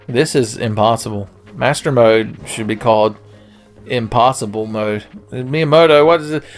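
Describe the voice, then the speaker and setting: A man's voice: medium pitch, normal speed, faint music behind. A man hosting a let's play, giving profane, sarcastic, joking commentary. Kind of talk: gameplay commentary.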